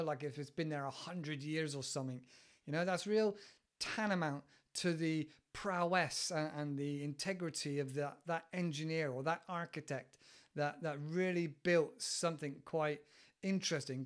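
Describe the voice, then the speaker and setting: A man hosting a casual English-learning podcast, rambling and animated, with lots of repeated words, recorded on a studio microphone. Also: on the high side, moderate pace. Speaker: podcast host. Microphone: studio microphone with headphones.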